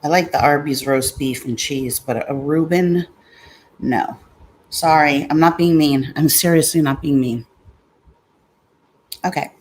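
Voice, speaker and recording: A vlogger chats casually with her viewers from home, speaking slowly in a low voice with a darkish tone, and a faint room hum runs underneath. She's talkative and sarcastic, cracking jokes and swearing when things go wrong.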